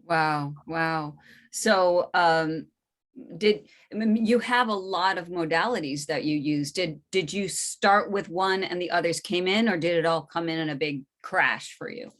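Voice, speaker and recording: A woman's voice: lowish voice, measured pace, fairly bright tone. A woman hosting a podcast interview, asking open questions and giving brief listening responses. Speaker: podcast host.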